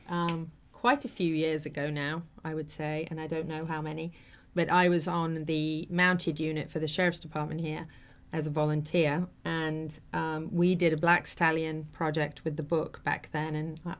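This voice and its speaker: A middle-aged woman hosting a talk show, telling an emotional story in an earnest, casual way with many fillers. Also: deep voice.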